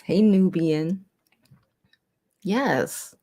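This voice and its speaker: A woman hosting a casual livestream, talking bluntly with profanity and reading viewers' comments aloud in a lowered, softened voice. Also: very slow. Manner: putting on a lower, softer new voice. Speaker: livestream host.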